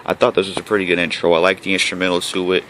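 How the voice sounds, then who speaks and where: Deep, flat, quick-talking man. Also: rough recording. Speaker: channel host, reviewer. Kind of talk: casual chat.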